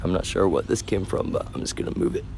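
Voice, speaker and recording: A man's voice: low-pitched, fast talker, gravelly, a little mellow, slight background noise. A man livestreaming, ranting in a rambling, agitated and profane way, calling his viewers y'all. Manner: frequent fillers and restarts, bitter laughs. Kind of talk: casual live-stream rant.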